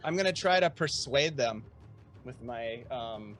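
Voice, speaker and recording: A man's voice: medium pitch, expressive, a little slow, loud music behind the voice. A man playing a tabletop game and describing what his character does. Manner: narrates his character's moves. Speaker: player.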